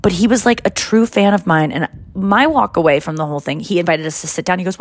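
A woman's voice: lowish voice, fast, creaky, hardly any pauses. A woman hosting a podcast, chatting casually and acting out the people she quotes as she tells a story. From United States. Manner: animated storyteller, acts out quotes. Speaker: podcast host. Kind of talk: casual chat.

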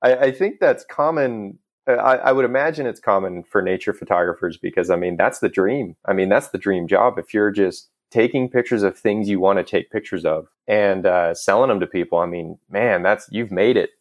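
Thirty-something guy, lowish voice, chatting easygoing and poking fun at himself. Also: moderate pace, hardly any pauses. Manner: self-deprecating, animated storytelling with laughs. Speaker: guest. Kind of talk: casual conversation.

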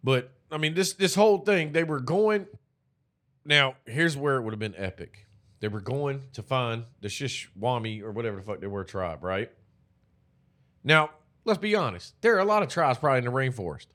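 A man in casual movie-review banter, animated and profane, joking a lot. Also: medium pitch, normal speed. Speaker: podcast co-host.

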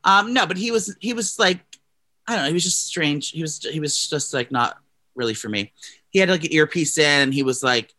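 Slightly high, a little fast, and pushed and bright, this young man's voice carries his podcast co-hosting. His talk is casual, gossipy and rambling, thick with fillers and restarts.

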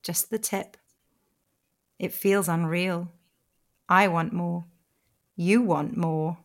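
A middle-aged woman from Germany with a German accent, reading her own erotic story slowly in a soft, intimate hush. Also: on the low side, fairly even intonation. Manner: slow, intimate, hushed reading. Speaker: erotic writer and narrator. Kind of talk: sensual erotic narration.

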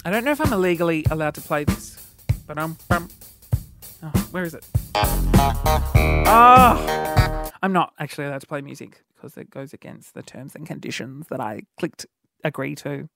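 A man's voice: a little high, animated, moderate pace, vocal fry, pauses often, over loud music. A man hosting a solo podcast, telling a story in a cheeky, rambling way full of fillers and restarts. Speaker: podcast host.

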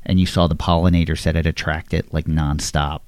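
Very low-voiced relaxed man. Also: a little fast, no room sound. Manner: relaxed, many fillers like "like". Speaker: podcast co-host, nursery worker. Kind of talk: casual conversation.

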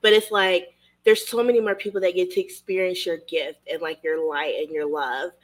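A woman's voice: on the low side, steady tone, moderate pace. A woman hosting a podcast interview, gushing and emotional, talking in a loose casual way with lots of fillers. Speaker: podcast host.

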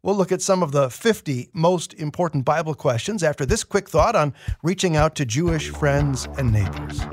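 A male radio host with a fairly high voice, chatting in a friendly, conversational way. The studio sound is dry and close, with no room echo. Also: lively intonation, normal speed, faint music behind. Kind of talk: radio interview.

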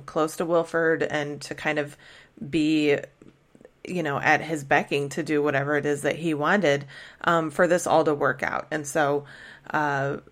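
A woman hosting a podcast, recapping a TV episode in a casual, chatty way with many fillers and restarts. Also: deep voice. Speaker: podcast host recapping a TV show.

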